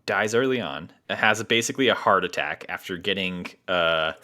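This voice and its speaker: A man's voice: sits low, normal speed, pushed and bright. A man co-hosting a casual film podcast, chatty, with lots of fillers and restarts. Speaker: podcast co-host.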